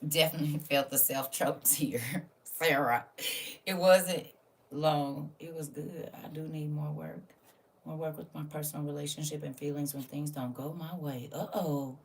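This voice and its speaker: A woman's voice: low voice, steady tone, moderate pace, far from the mic. A woman hosting a casual livestream, teasing and preaching to her chat. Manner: sassy, teasing, preachy, loud bursts of scolding. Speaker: livestream host teaching a class.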